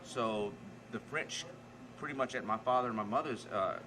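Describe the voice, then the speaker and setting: A man's voice: mid-range voice, normal speed, noisy background. A man with a Cajun Louisiana accent, talking as a podcast guest in a folksy, joking way, often repeating words as he starts sentences. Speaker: chef and guest. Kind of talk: casual podcast chat.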